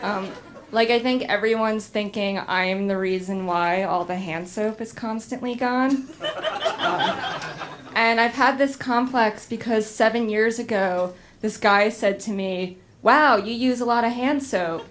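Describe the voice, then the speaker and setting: A young adult woman performing a stand-up comedy set in a deadpan, hesitant way, with frequent ums. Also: medium pitch, measured pace, a little hiss or hum. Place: comedy club stage with audience.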